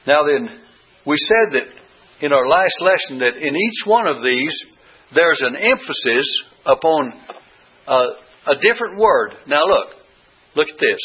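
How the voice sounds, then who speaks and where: Bible study teacher guy, repeats verses slow and stressed, kinda husky, muffled old recording. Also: on the high side, lively intonation, sharp tone. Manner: deliberate, repeats verses with rising emphasis. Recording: dull lo-fi recording.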